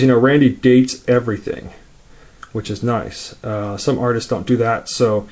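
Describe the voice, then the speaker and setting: A man casually showing his collection, rambling along quickly with lots of fillers. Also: medium pitch, a little mellow. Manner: rambling, laid-back, many fillers; talks quickly. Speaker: comic collector vlogger. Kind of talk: casual show-and-tell.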